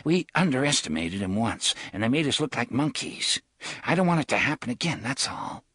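A man's voice: medium pitch, big pitch swings, brisk, a bit bright, breathy edge, no echo, studio quality, voice pushed up. A man voicing a nervous, cautious hired gun with a hesitant manner in an audiobook. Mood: urgent. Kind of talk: audiobook character voice.

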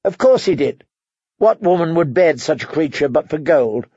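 A male narrator putting on a sharp, suspicious noblewoman, bitter and self-pitying, who wheedles one moment and pries the next. The voice sits a little high and clipped, heard dry and slightly dull, as in a close-miked audiobook recording. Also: expressive, moderate pace, breathy edge, dry recording. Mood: scornful.

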